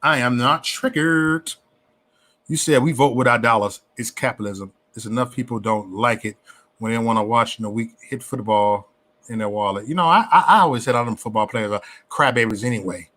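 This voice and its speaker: With a mid-range voice and brisk pace, a man hosts a casual livestream, preaching animatedly in heavy slang. He repeats himself and stumbles over restarts.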